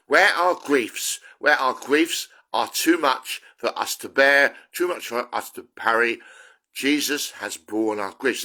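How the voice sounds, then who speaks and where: A man's voice: mid-range voice, pushed and bright. A man from the UK, a self-styled prophet, giving an earnest, rambling spiritual monologue with many restarts.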